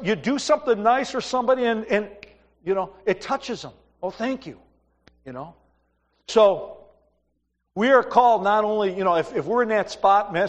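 A middle-aged man preaching a sermon as a pastor, telling stories in a conversational, animated way with asides to the congregation. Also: high-pitched. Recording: long hall reverb.

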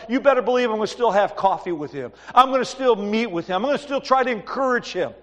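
A man preaching a sermon in a church and telling lively stories, acting out the voices of the people in them. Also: extremely high pitch, quick pace, hardly any pauses, in a large hall. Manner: animated storytelling, acts out voices in his stories. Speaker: pastor. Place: church sanctuary.

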